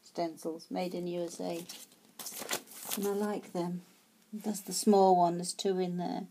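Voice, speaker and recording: A woman's voice: fairly low pitch, flat delivery, a little slow, background noise. A woman chatting casually as she shows her handmade tags, hesitant with many fillers and restarts. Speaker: craft vlogger. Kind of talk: casual show-and-tell.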